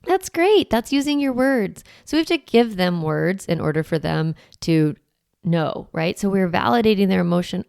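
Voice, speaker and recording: A woman hosting a parenting podcast, explaining calmly and acting out gentle phrases to say to an upset child. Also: mid-range voice, normal speed, vocal fry, clean tone, no echo, clean studio sound. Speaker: parenting podcast host and coach. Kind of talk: instructional podcast monologue.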